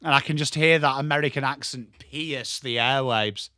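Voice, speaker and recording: A man's voice: mid-range voice, moderate pace, sharp tone, no room sound, studio quality. A man with an English accent giving live, chatty and jokey football watchalong commentary, greeting viewers by name. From England. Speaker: watchalong streamer.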